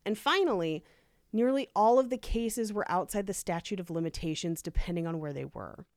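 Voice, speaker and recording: A woman's voice: mid-range voice, normal speed, darkish tone, no room sound, studio quality. A woman co-hosting a casual podcast, telling a story in a chatty way with many "like"s and easy laughs. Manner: chatty, lots of "like", laughs easily.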